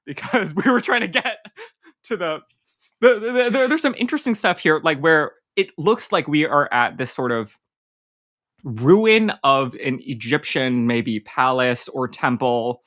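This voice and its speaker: A woman's voice: low voice, expressive, measured pace, fairly bright tone. A woman co-hosting a book podcast in casual chat, talking animatedly with lots of fillers and laughs, and sometimes reading passages aloud. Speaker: podcast co-host.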